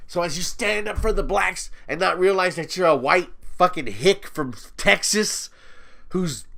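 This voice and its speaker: High-voiced man in a profane, mocking rant. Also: vocal fry, fairly bright tone. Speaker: YouTube commentator. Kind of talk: ranting commentary video.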